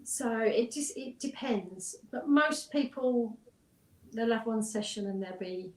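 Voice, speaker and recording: A woman's voice: a little high, takes it slowly, a little mellow. A woman, a hypnotherapist, chatting casually in an interview and telling client stories with frequent ums and restarts. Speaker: hypnotherapist guest. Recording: roomy echo.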